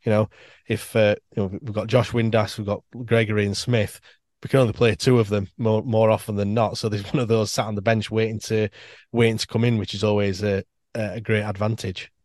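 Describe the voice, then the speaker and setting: Male interview guest, low-pitched, dry close sound; chatty, upbeat fan talking in long runs. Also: little pitch movement, fairly quick, darkish tone, no room sound. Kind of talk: casual interview chat.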